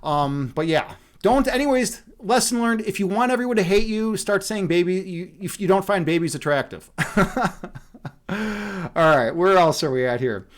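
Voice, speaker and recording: High-voiced rambling man streaming. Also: animated, moderate pace. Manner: rambling, profane, laughs often. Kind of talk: casual livestream chat.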